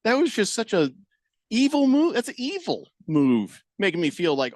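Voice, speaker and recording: A man hosting a radio talk show, out of breath, telling a story in a lively way and laughing often, in a studio. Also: sits high, normal speed, no echo. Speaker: radio sports talk host. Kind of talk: casual radio chat. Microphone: studio microphone.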